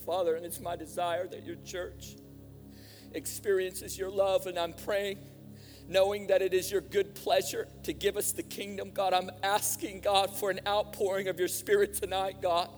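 A man preaching a sermon in a church, impassioned, swinging from hushed appeals to shouted fervor. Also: high voice, little pitch movement, normal speed. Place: church hall. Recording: music, long hall reverb.

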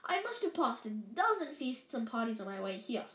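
A woman voicing a gentle, calm old wizard headmaster in a storybook reading. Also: a little high. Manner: gentle, unhurried. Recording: roomy echo.

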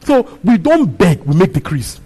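A man's voice: high voice, very animated, normal speed, warm tone, breathy edge, low-quality recording. A man preaching a sermon, repeating his phrases and asking the congregation questions. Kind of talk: sermon teaching on a Bible passage.

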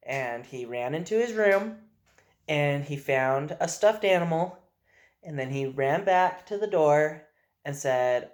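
A father speaking in a casual video message, telling gentle, earnest stories about his young son. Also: a little high, expressive, takes it slowly.

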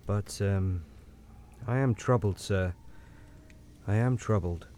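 A man doing a haunted, low-voiced signalman. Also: slight background noise. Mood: troubled. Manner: low, hushed, halting and ominous. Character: troubled, grave middle-aged male railway signalman. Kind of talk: audiobook character voice.

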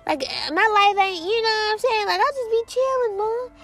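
A young woman, casually sharing a Christian testimony in an excited, chatty way, with many fillers and quoted dialogue. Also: very high voice, moderate pace, creaky, soft background music.

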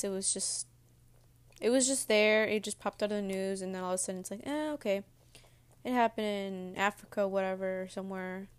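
A woman's voice: medium pitch, clean tone. A young woman vlogger rambling casually to her viewers while eating cereal between words. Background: audible munching on cereal.

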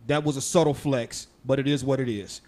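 A man's voice: medium pitch, steady tone, a little fast, darkish tone. A man from Texas co-hosting a podcast, telling stories in a loose, profane, laughing way. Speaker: podcast co-host. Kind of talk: casual chat.

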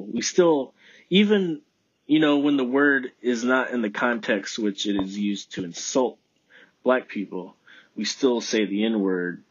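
Man, casual podcast monologue, rambling, swears a lot, dry close sound, husky tone. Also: mid-range voice, no echo, dull audio. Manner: rambling, profane, self-talking. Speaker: podcast host.

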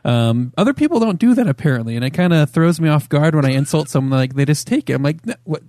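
A man's voice: a little high, lively intonation, fast talker, darkish tone, no echo, clean studio sound. A man co-hosting a casual podcast chat, talking in an easygoing, reflective way. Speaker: podcast co-host.

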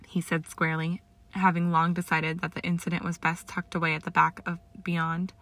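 Low, gravelly woman reading a story aloud. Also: normal speed, no echo. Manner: steady storytelling with small slips. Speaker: narrator. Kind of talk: reading fan fiction aloud.

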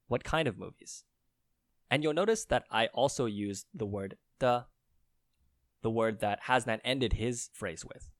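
Man, language lesson, unhurried, low voice, dry close sound. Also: no room sound. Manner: slow, careful spelling out of tones. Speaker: co-host teaching Mandarin.

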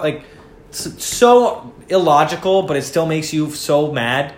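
A young man chatting casually on a podcast, telling stories in an animated, profane way and acting out angry outbursts. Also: fairly high pitch, unhurried. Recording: echoey room.

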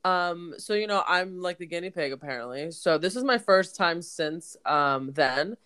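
A woman co-hosting a casual podcast, congested and hoarse-sounding, talking candidly and swearing freely. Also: fairly low pitch, expressive, moderate pace, fairly bright tone. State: congested, voice deepened. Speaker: podcast co-host. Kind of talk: casual chat.

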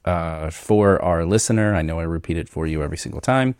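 A man hosting a podcast, talking in a relaxed, rambling way with many fillers. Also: low-pitched, brisk, no echo, studio quality. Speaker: podcast host. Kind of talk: casual chat.

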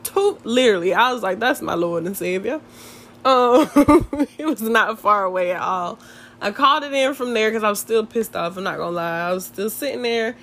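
A young woman chatting to her viewers in a lively, slangy storytime, laughing often. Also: on the high side, normal speed. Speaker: vlogger. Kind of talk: casual storytime chat.

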